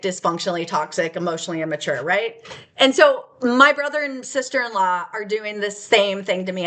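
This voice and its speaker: A woman's voice: medium pitch, fairly bright tone. A woman telling her personal story in an unscripted vlog, agitated and profane, rambling with restarts and wry laughter. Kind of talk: raw unscripted personal testimony.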